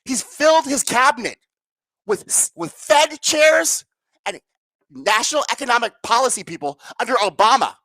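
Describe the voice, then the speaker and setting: A woman's voice: on the high side, lively intonation, moderate pace, fairly bright tone, dry recording. A woman hosting a solo political commentary livestream. She rants sarcastically and profanely, firing rhetorical questions at her viewers.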